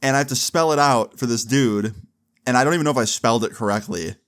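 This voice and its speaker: Animated young man telling a story. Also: mid-range voice, fast talker. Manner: animated, swearing, comic. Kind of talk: casual storytime monologue.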